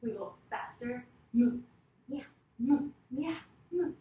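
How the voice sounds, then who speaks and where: A woman's voice: high-pitched, slow pace, phone-quality sound. A woman reading a picture book aloud to children, sing-song and encouraging, guiding them through yoga poses and sign language. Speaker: children's storyteller and yoga teacher. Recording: echoey room.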